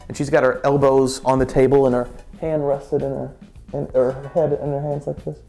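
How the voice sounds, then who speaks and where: Casual storyteller, rambling, stumbling over words, music faint behind. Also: male voice, mid-range voice, flat delivery, normal speed, vocal fry, dark tone. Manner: rambling, many restarts and repeated words.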